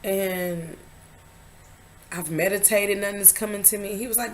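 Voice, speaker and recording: A woman vlogger telling a candid personal story, emphatic and confiding, swinging between loud stresses and hushed asides. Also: medium pitch, fairly even intonation, normal speed.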